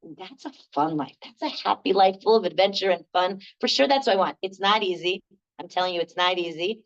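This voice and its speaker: An older woman leading a laughter workshop, telling lively stories, laughing often and acting out the voices of the people in them. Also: fairly low pitch, a little fast, highs cut off. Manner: animated, laughs often, acts out quoted voices. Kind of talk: storytelling workshop talk.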